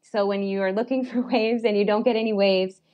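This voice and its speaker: A young adult woman telling a personal story as a podcast guest, animated and chatty, with lots of fillers and little laughs. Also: medium pitch, fairly quick. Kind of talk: storytelling in a casual chat.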